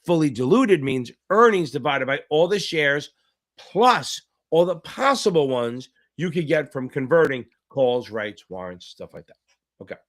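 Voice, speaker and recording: Man as a laid-back, profane finance tutor running a live Q&A; slightly high voice, jokes between explanations. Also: big pitch swings, unhurried, fairly bright tone. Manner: casual, joking, swears freely; reads out viewer names, chatty asides. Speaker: exam tutor. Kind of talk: live online Q&A lesson.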